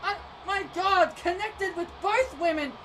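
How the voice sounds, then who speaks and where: A woman doing excitable play-by-play wrestling commentary over a video game, often shouting and tripping over her words. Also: very high-pitched, measured pace. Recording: distant mic with noisy background.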